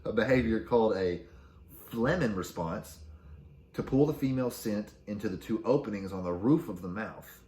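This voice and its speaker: Low-voiced man joking in an echoey room. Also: normal speed, mellow. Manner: crude joking while reading facts aloud. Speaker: podcast host. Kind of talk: casual solo podcast chat.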